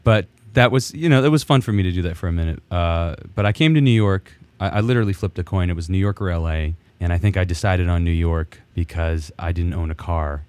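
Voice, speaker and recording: A man in his fifties, a musician guest telling stories in a relaxed way, with many fillers. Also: deep voice, fairly quick, hardly any pauses, smooth, no echo. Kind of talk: casual studio interview. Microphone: studio mic.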